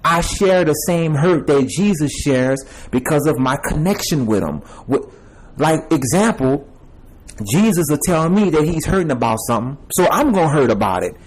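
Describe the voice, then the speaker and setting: Man, young adult, emphatic testimony, repetitive and preachy, fairly high voice. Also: lively intonation, moderate pace, a little hiss or hum, low-quality recording. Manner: addresses viewers as "y'all" and "man". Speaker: self-made video preacher. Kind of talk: personal testimony monologue.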